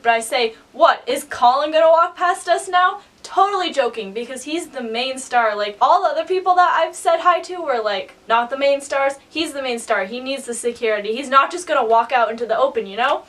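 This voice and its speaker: Excitable young woman telling a story. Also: a little fast, few pauses, far from the mic. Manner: excitable, acts out quotes in high squeals. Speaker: vlogger. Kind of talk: storytime vlog.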